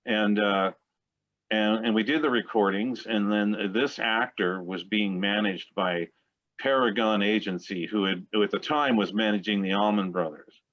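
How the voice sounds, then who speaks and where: A man of about sixty with a fairly low voice spins rambling, chatty stories as an interview guest. His voice comes through a dull, lo-fi recording. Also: steady tone, normal speed. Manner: rambling, chatty anecdote-teller. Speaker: guest musician. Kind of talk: casual storytelling interview. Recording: dull lo-fi sound.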